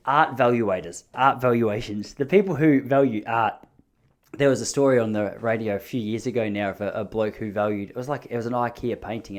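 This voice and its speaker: An Australian man hosting a podcast, telling stories in a casual, rambling, self-deprecating way. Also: mid-range voice. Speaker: podcast host. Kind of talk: casual storytelling monologue.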